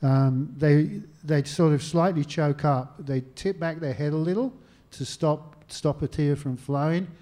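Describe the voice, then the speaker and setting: An Australian man with a mellow, darker voice, telling anecdotes about his research in a relaxed conversational way. He slips into little acted-out phone calls and pokes gentle fun at himself. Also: a little high, measured pace. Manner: anecdotal, self-deprecating, acts out phone calls. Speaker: historian and author. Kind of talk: conversational interview answers. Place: stage talk at a literary venue.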